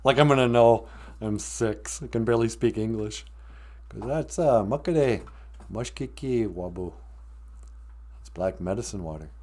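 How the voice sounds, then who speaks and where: A man's voice: fairly low pitch, a little slow, long pauses, darkish tone. A man hosting a livestream show, telling stories in a rambling, joking way and laughing often. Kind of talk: casual storytelling chat.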